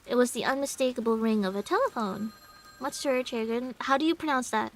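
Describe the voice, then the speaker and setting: A young woman streamer reading a story game aloud, often breaking off into excitable squeaky outbursts. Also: a little fast, rough recording.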